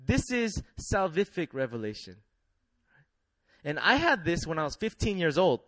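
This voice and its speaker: Young guy preaching, high voice, chuckles a lot, gets the crowd repeating words, dry close sound. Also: normal speed, dry recording. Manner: lively, laughing often, call-and-response with congregation. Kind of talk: sermon.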